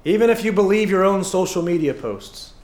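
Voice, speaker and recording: High-pitched guy preaching, chatty and jokey, lots of uh's, church echo all around. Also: expressive, a little fast, a little mellow. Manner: conversational and joking, with many fillers and acted asides. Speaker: pastor. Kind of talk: sermon. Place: church sanctuary.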